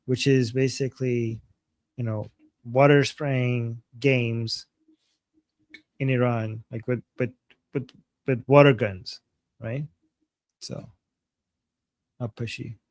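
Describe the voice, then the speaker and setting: A man whose first language is Persian talks in easy, chatty livestream style. He explains things through lots of examples, at a middling pitch. The sound is dry and close, with no room in it. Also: steady tone, slow, pauses often, no echo. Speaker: livestream co-host. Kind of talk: casual livestream chat.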